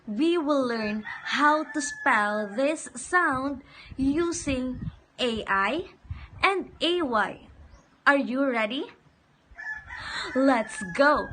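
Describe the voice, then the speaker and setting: A woman teaching a phonics lesson to young children, saying each word slowly and repeating it for the class to echo. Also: high-pitched, sharp tone, a little hiss or hum.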